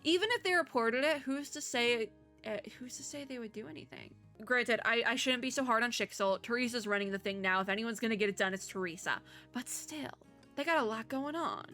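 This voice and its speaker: A woman's voice: a little high, brisk, pushed and bright, faint music behind. A young woman streamer chatting casually and laughing as she plays through a game and reads its lines aloud. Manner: chatty, giggly, self-deprecating asides. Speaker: VTuber streamer. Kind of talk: casual let's-play chat, reading game dialogue aloud.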